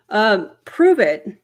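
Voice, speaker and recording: A woman hosting a casual commentary vlog, chatty, tossing in sarcastic asides and correcting herself as she goes. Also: mid-range voice. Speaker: commentary channel host.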